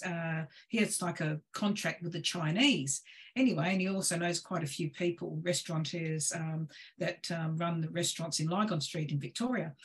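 A woman, a guest on a video call, telling lively stories about home cooking and cheese-making with laughs along the way. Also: lowish voice, breathy edge. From Australia. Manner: lively, laughing, gestures while cooking talk. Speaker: guest presenter. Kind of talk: animated storytelling on a video call.

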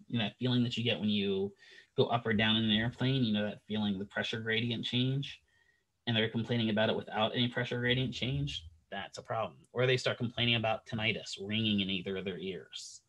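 A man's voice: on the low side, steady tone, a little fast, fairly bright tone, poor audio. A man teaching a recorded lecture alone into a computer microphone, talking casually and checking in with "right?". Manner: casual, conversational, frequent "right?" check-ins. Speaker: instructor.

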